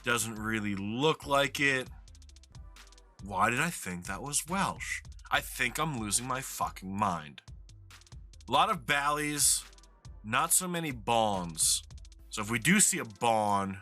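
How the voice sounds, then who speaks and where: Bright-voiced New York man narrating gameplay. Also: medium pitch, big pitch swings, takes it slowly, pauses often, faint music behind. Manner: chatty, self-deprecating, swears casually. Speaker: streamer playing a geography game. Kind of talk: casual game commentary.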